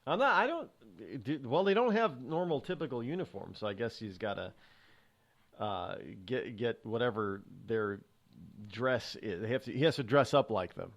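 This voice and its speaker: Guy hosting a talk show, mid voice, kinda rambly, keeps restarting sentences and wandering off on tangents. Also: medium pitch. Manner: halting, many restarts and asides. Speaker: radio show host. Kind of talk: rambling solo commentary on news.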